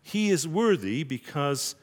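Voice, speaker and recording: A man pastor preaching a sermon, dramatic, rising high on quoted lines. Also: sing-song, slow, long reverb tail.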